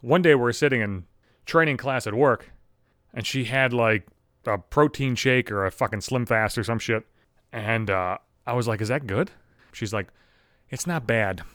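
Man, 30s, profane storytelling monologue, constant swearing, gets worked up, highly animated pitch, dry close sound. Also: dry recording.

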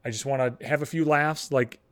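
A young adult man telling stories in a blunt, profane, animated podcast rant. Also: medium pitch, a little fast, clear, resonant tone, dry recording. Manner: blunt, heavy swearing, animated. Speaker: podcast host.

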